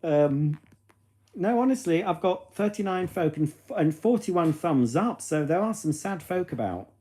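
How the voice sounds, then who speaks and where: Mellow-voiced man chatting on a livestream. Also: fairly high pitch, lively intonation, a little slow. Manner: chatty, teasing, gossipy. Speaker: livestream host. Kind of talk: casual live-stream chat.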